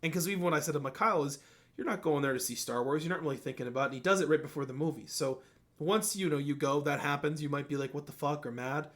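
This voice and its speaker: A man's voice: fairly high pitch, quick pace. A man hosting a casual podcast chat, telling a story with lots of swearing and acted-out quotes. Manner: animated storyteller, swears freely, acts out quotes. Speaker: podcast host.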